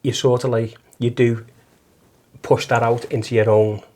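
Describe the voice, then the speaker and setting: As an interview guest, this Liverpudlian cabbie and volunteer listener recounts his journey of faith sincerely and casually, tripping over and repeating words a lot. He speaks a little slowly, with a medium-pitched, flat, slightly mellow voice.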